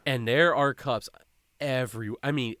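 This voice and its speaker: Bright, crisp young man telling a story. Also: fairly even intonation, a little slow, dry recording. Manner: rambling, swearing, quoting people in lowered voice. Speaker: podcast host. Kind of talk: casual storytelling chat.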